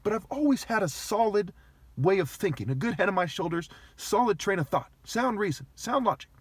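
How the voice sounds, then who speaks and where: A man with a high, husky voice delivers an aggrieved, argumentative monologue to his viewers, peppered with swearing. The sound is close and dry, with no room echo at all. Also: lively intonation, brisk. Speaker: vlogger. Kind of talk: agitated ranting monologue.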